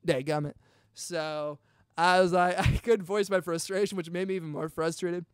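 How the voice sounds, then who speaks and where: A young man hosting a podcast, excitedly telling a personal story in casual chat, full of dude and bro. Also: high voice, normal speed, smooth, no room sound, clean studio sound. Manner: chatty and excitable, peppers talk with dude and bro. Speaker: podcast host.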